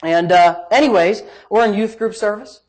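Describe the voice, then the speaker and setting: A middle-aged man preaching, a pastor telling a healing story in an animated way, swinging between loud and soft and laughing as he talks. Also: high voice, moderate pace. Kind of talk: sermon storytelling.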